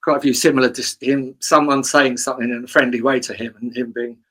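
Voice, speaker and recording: Male podcast host, bright sharp tone, chatty and loose, swears casually. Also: mid-range voice, steady tone, fast talker. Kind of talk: casual conversation.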